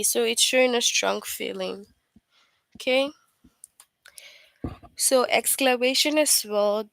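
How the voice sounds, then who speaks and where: A woman's voice: high voice, a little slow, vocal fry, pauses often, fairly bright tone, no echo. A young woman teaching a grammar lesson to young children, patiently repeating points and asking questions she then answers herself.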